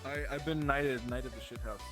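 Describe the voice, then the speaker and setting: A man's voice: mid-range voice, steady tone, a little fast, music in the background. A man bantering with a streamer while gaming, laughing, joking and cursing.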